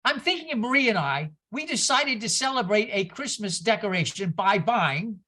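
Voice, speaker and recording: A woman minister giving a sermon, telling stories in an animated way with exclamations and asides to the congregation. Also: on the high side, normal speed. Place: church service.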